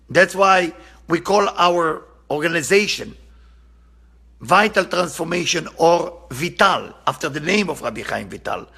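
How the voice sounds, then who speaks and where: Gravelly, husky man teaching Kabbalah. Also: on the high side, expressive, measured pace, pushed and bright. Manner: earnest, impassioned, repeats for emphasis. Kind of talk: spiritual lesson with storytelling.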